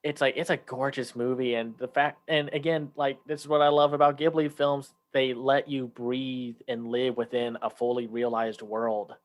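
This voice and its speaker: A man's voice: mid-range voice, level tone, normal speed, hardly any pauses. A man co-hosting a casual chat, talking loosely with many fillers and restarts, sometimes acting out lines in a raised voice. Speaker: podcast co-host.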